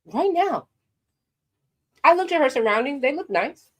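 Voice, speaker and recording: A sassy woman from New York gives her opinion to camera, her voice high and her pace quick. She's an animated commentary vlogger who speaks straight to her viewers.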